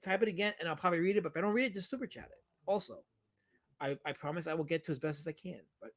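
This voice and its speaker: A man's voice: on the high side, rapid-fire, a bit bright. A man hosting a casual livestream, rambling about old movies and teasing his chat. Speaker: livestream host.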